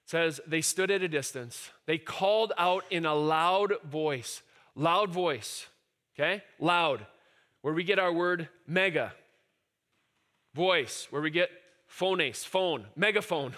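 A man preaching with a high, bright voice. He is animated, sinks to a low, thoughtful murmur and then lifts to ringing cries. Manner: animated, switching between quiet musing and shouted cries. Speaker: pastor. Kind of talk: sermon.

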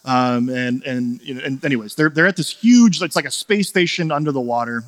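A man in his thirties preaching a sermon, telling a story in a loose, chatty way before building to forceful exhortation. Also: medium pitch, a little fast, big-room sound. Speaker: pastor.

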